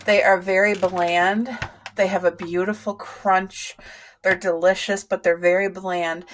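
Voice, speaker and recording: A woman's voice: lowish voice, flat delivery, unhurried, a little hiss or hum. Chatty middle-aged woman vlogging at home. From Canada. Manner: chatty, homey, apologetic asides. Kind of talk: casual home vlog.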